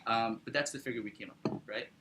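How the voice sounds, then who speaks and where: Young man, bright voice, casual startup pitch with a faint room hum behind. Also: fast, rough recording. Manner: casual, upbeat, with frequent fillers and tag questions. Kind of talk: business pitch presentation.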